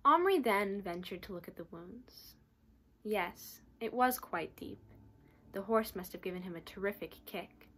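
A woman student reading a children's novel aloud with steady, expressive storytelling. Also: medium pitch, unhurried, breathy edge. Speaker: student reader.

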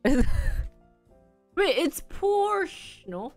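A woman's voice: very high voice, sing-song, very slow, faint music behind. A woman streamer in casual live-stream chat, laughing often as she reads lists aloud and tries out pronunciations. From Korea. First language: Korean.

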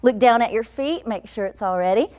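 A woman's voice: a little high, fairly quick, a little mellow. A woman who teaches children's movement classes, guiding young kids through animal yoga poses in a cheerful, encouraging way. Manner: cheerful, encouraging, speaks simply to small children. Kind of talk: leading a kids' yoga class.

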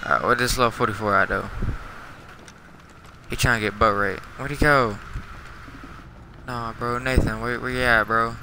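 A man's voice: mid-range voice, fairly even intonation, moderate pace, long pauses, noisy background. A young man livestreaming a game, trash-talking other players in slangy casual commentary while half asleep. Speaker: livestreaming gamer.

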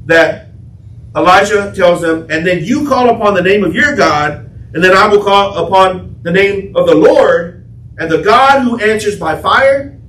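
Pastor guy preaching, high voice, big dramatic storytelling, echoey room, kinda far from the mic. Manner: dramatic storytelling, acting out quotes, shouting at peaks. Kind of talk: sermon.

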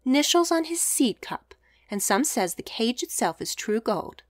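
A woman's voice: on the high side, big pitch swings, measured pace, dry recording, clean studio sound, pitched above the performer's own voice. A woman voicing a knowing, disapproving older woman telling family scandal. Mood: gossiping. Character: sharp-tongued older gossiping woman.

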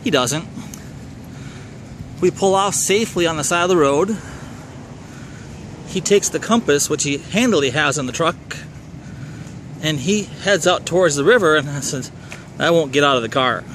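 Telling a personal story, a middle-aged man with a Minnesotan accent rambles loosely and often backs up to correct himself. His voice is a little high for a man, a bit bright and wry, and he moves at a moderate pace with frequent pauses. Faint traffic and outdoor ambience hum in the background.

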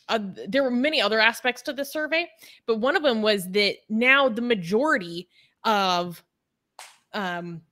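Bright-voiced woman co-hosting a chat show. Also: a little high. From Scottish and Irish ancestry, raised elsewhere. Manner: chatty, laughs often, reads out statistics. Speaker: co-host. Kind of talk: casual chat reading news and comments.

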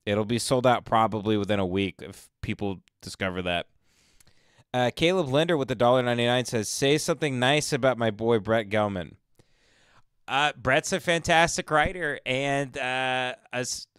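A man's voice: medium pitch, fairly bright tone, smooth, no room sound, clean studio sound. A man hosting a live stream, mocking the people in a clip with sarcastic commentary. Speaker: stream host.

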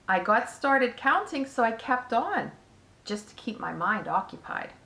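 A woman voicing a wise, gentle female spider who talks slowly and calmly in a storybook reading. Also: fairly high pitch, gravelly, full character voice. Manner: slow, calm, measured. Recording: echoey room.

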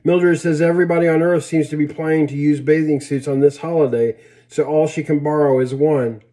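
Man reading cheerful teen girl, eager, coaxing, mellow tone, storybook. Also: a little high, steady tone, a little fast, lightly acted. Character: cheerful pretty teenage girl, sixteen.

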